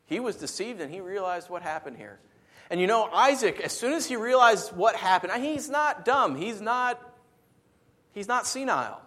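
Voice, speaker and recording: Animated conversational pastor, a man. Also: high voice, normal speed. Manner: animated, conversational, repeats words when restarting. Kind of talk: sermon.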